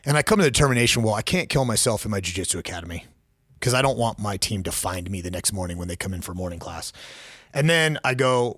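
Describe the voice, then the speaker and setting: A man's voice: fairly low pitch, expressive, fast talker, fairly bright tone, no echo, clean studio sound. A man in his forties, a former law enforcement officer, telling a personal story as a podcast guest, blunt and raw, swearing freely.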